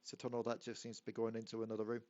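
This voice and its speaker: A man's voice: fairly low pitch, monotone, very fast, warm tone, dull audio. A man, narrating as game master in an easygoing, descriptive way.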